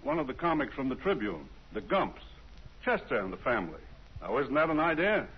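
An actor playing a businesslike, cautious radio station manager in a 1950s radio drama, brisk and persuasive. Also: male voice, medium pitch, very animated, breathy edge. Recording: dull old radio broadcast.

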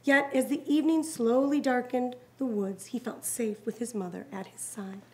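A woman reading a children's picture book aloud to a child, animated and encouraging. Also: fairly high pitch, moderate pace.

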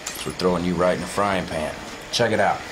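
A man's voice: sits low, fairly quick, noisy background. An actor playing a male military officer who gives a casual, wry mission briefing in a game cutscene.

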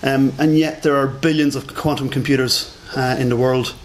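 A man with an accent delivers a conference lecture in an informal, self-deprecating way, sprinkling his talk with fillers. His voice sits at an ordinary pitch, and a faint hiss runs under it. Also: steady tone, normal speed. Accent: non-standard English accent. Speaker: conference speaker.

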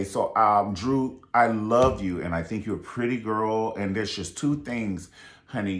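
A man giving a sassy, campy review of a reality show, animated and blunt, with shrill falsetto bursts when he imitates people. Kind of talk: sassy vlog commentary. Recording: echoey room.

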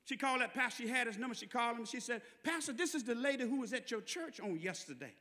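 A Southern preacher with a very high, bright, forceful voice tells a story from the pulpit, moving from easy conversational delivery to fervent shouting. His voice rings with the long reverb of a church hall. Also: expressive, quick pace. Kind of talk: sermon storytelling. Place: church sanctuary.

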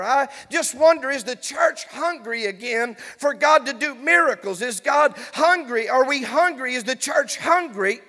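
Pastor, man, fervent sermon, bright forceful tone, echoing sanctuary. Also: very high-pitched, expressive, measured pace, few pauses. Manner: fervent, builds to shouting. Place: church sanctuary. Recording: long church hall reverb.

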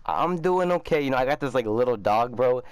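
A man's voice: medium pitch, lively intonation, brisk. A man, a gaming YouTuber, talking casually and upbeat, full of fillers like "bro" and "um". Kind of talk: casual gaming chat and video outro.

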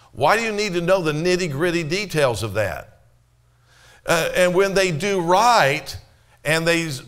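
A male pastor with a voice pitched a bit above most men's, delivering a sermon in a church. He talks to the congregation in a plain, conversational way, asking rhetorical questions and quoting scripture. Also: a bit bright. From Canada.

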